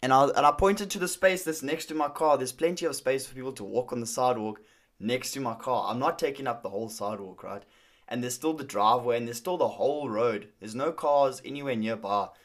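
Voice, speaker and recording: A man's voice: mid-range voice, fairly quick. A young man in casual conversation, telling a story with frequent fillers and restarts. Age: young adult.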